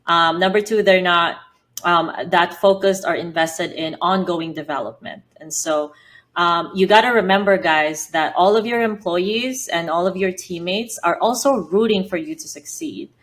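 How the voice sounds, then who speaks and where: A woman from the Philippines talks in a fairly low voice with a Filipino accent. She answers interview questions earnestly, explaining things step by step with frequent fillers. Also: normal speed, a bit bright. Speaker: podcast guest, business founder.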